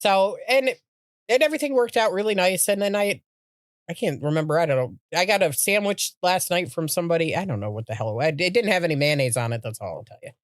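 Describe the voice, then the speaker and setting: A middle-aged woman, a podcast co-host, telling a personal story in a halting, heartfelt way with many restarts. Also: fairly low pitch, animated, dry recording, clean studio sound.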